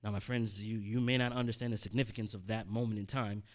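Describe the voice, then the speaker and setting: A man, likely in his thirties, preaching a sermon as a personal story, conversational with sudden loud emphatic peaks and frequent restarts. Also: fairly low pitch, steady tone, fast.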